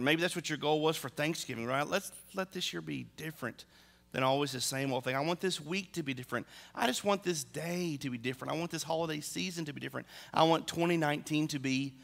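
Animated, bright-voiced male pastor. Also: fairly high pitch, brisk, gravelly. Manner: humorous, animated storyteller. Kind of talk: sermon with storytelling. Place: church sanctuary. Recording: long reverb in a large hall.

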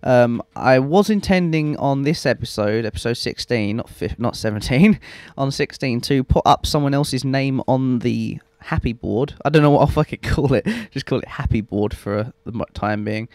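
A man's voice: medium pitch, normal speed, few pauses, a little mellow, no echo. A young man giving rambling, self-mocking gameplay commentary and swearing freely. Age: young adult. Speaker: let's play host.

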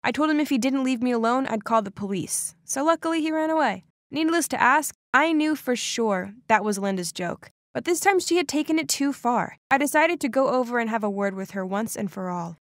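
A young adult woman narrating a first-person animated story in an expressive, dramatic way. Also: fairly high pitch, fairly quick, hardly any pauses, dry recording, clean studio sound.

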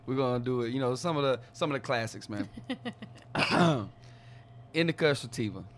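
A man's voice: medium pitch, animated, brisk, slight background noise. A man hosting a podcast, asking his guest questions in an easygoing chat. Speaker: podcast host. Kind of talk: casual chat.

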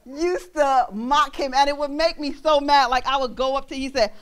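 A young woman preaches in a church with an animated, storytelling delivery. Her voice sits fairly high and she keeps acting out the people in her stories. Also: normal speed, few pauses. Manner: animated, acts out quoted voices, laughs. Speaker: minister. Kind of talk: sermon.

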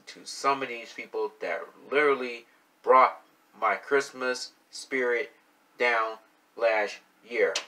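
A young man in his twenties talks straight into the camera in a loose, rambling vent. His voice is very bright and sits a little far from the mic. He stumbles through fillers and restarts, then pushes into loud, indignant bursts. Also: mid-range voice. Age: 20s. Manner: halting, many fillers and restarts, swings from subdued to loud and indignant. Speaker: vlogger, graphic designer. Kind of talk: casual venting monologue.

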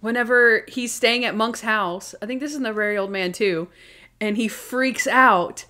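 A woman's voice: a little high, normal speed, sharp tone. A woman co-hosting a podcast, recapping TV episodes in casual chat and acting out the characters' lines as she retells scenes. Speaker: podcast co-host.

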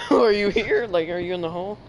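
A man's voice: high-pitched, a little fast, slight background noise, low-quality recording. A man hosting a casual gaming chat, teasing his friend and laughing constantly. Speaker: channel host.

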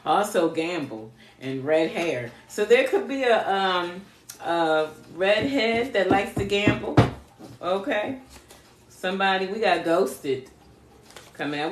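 A woman's voice: medium pitch, expressive, slow pace, echoey room. Blunt laughing woman reading cards. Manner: blunt, profane, laughs a lot; chats with viewers. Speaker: spiritual card reader. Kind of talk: casual live card reading.

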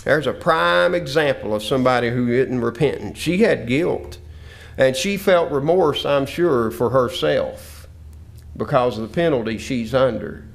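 A man with a drawl delivers a sermon lesson in a voice of ordinary middle pitch. He quotes scripture earnestly and circles back to repeat his points. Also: measured pace, gravelly. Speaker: preacher.

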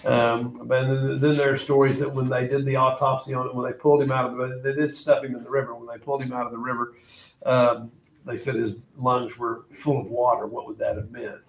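A male teacher telling a history story to a class in a classroom, animated and dramatic in delivery. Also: mid-range voice, brisk, creaky, slight background noise.

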